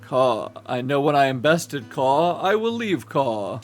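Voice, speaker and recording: A man voicing a pesky male crow that caws loudly between his words in a game. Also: mid-range voice, big pitch swings, slow, soft background music. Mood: taunting. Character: loud cawing male crow pest.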